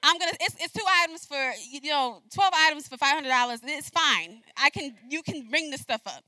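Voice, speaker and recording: A young adult woman giving a message, telling a personal story in an animated way and acting out the dialogue. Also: sits high, brisk, no room sound. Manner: animated, acts out dialogue with laughs. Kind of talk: storytelling sermon.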